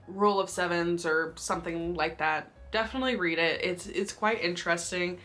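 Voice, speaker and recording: Young woman book vlogger, slightly low voice, enthusiastic, casual and giggly. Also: normal speed, a bit bright. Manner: gushing, enthusiastic, laughs often. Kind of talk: casual book review chat.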